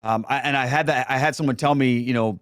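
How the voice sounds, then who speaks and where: A man's voice: medium pitch, fairly even intonation, quick pace, dry recording, clean studio sound. A middle-aged man answering questions in a casual Q&A, rambling with frequent restarts and fillers. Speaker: guest, Catholic speaker and former pastor.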